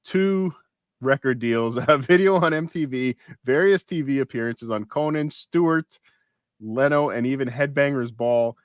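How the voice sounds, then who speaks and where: A man co-hosting a casual podcast, reading posts aloud in a wry, deadpan way. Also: mid-range voice, unhurried, clear, resonant tone, dry recording, clean studio sound. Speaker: podcast co-host.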